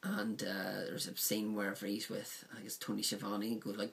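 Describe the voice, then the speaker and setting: A man's voice: lowish voice, level tone, normal speed, gravelly, hardly any pauses, fairly bright tone. A man casually reviewing a DVD set, rambling with frequent ums and likes.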